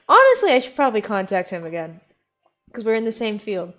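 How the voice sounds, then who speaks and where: A woman's voice: mid-range voice, wildly swooping pitch, a little fast, fairly bright tone. A woman streaming a game and chatting casually and playfully with viewers, laughing often; her first language is German. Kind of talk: casual gameplay commentary.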